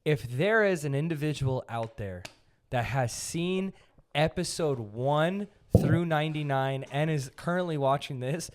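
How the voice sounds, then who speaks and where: A young man hosting a podcast, chatting casually and telling a story with animated energy. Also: on the high side, measured pace. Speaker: podcast host.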